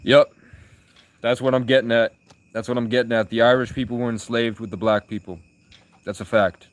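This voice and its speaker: A man's voice: mid-range voice, steady tone, brisk, no echo. Crude, rambling young male streamer. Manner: rambling, crude, provocative banter. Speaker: livestreamer. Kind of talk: live stream chat with viewers.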